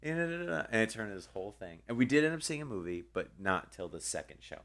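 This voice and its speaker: Young man, very deep voice, rambling storyteller, casual podcast chat. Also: sing-song, very fast, a bit bright. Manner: rambling, many ums and restarts. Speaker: podcast co-host.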